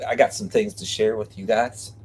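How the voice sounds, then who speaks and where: A man's voice: fairly low pitch, steady tone, moderate pace, a little mellow, a little hiss or hum. Jokey guy chatting on a live stream from his parked rv, goofy and easygoing. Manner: playful, jokey, rhyming name games. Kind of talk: casual live-stream chat. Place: parked vehicle behind a restaurant.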